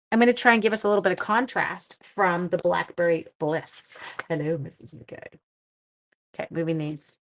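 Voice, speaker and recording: A woman's voice: mid-range voice, a bit bright. A Canadian woman hosting a card-making live stream, chatting casually, greeting viewers by name and thinking aloud as she works. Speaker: card-making livestream host. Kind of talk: casual live-stream chat while crafting.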